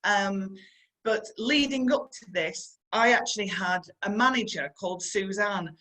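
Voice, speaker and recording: A middle-aged woman with a broad Yorkshire accent tells stories from her working life in a motivational talk. She sounds chatty and earnest. She repeats her key advice and turns to her listeners to address them directly. Her voice sits at an ordinary middle pitch. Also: a little slow, fairly bright tone, rough recording. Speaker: stunt performer and guest speaker.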